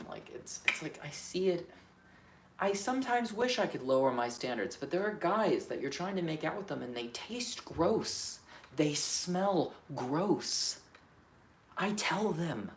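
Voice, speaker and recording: Alone on camera, a male vlogger works through his feelings aloud, candid and self-questioning, muttering one moment and pushing out emphatic, profane lines the next. His gravelly voice is on the high side and fairly bright, set against a clear room echo and faint ambient hum.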